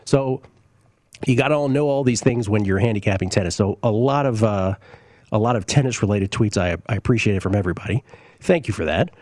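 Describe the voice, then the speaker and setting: On his sports betting show, this host reads tweets from listeners and offers casual, opinionated views on games and wagers, full of fillers and tangents, at one point coughing and getting briefly choked up. He talks fairly quickly in a lowish, slightly mellow voice. The recording is studio quality without echo.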